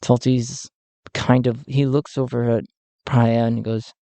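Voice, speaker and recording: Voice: medium pitch, little pitch movement, takes it slowly, warm tone, dry recording. A solo tabletop game narrator who thinks aloud and often chuckles.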